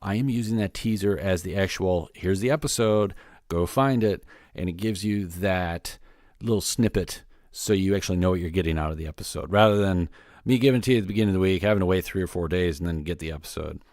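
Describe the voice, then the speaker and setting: A man's voice: deep voice, quick pace, darkish tone, dry recording, studio quality. A man hosting his own podcast, giving a casual, rambling solo update with plenty of fillers and restarts. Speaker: podcast host.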